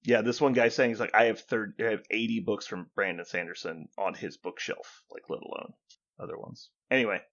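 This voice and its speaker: A man co-hosting a podcast in casual chat, an animated storyteller who acts out both sides of exchanges, swears freely and laughs as he talks. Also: lowish voice, a little fast, dull audio. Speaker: podcast co-host.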